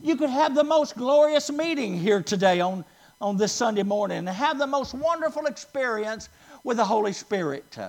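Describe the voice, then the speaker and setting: A man's voice: extremely high pitch, lively intonation, gravelly. A man preaching a sermon to a congregation, stressing key words by drawing them out and asking the listeners questions. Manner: emphatic, drawn-out stresses, asks the congregation questions.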